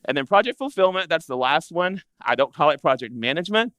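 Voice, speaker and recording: A man presenting to an audience of interior designers in a chatty, animated way, acting out what clients say. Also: a little high, fast talker, no room sound. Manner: animated, conversational, acts out clients' complaints. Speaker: interior design business educator. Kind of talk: live presentation to a seated audience.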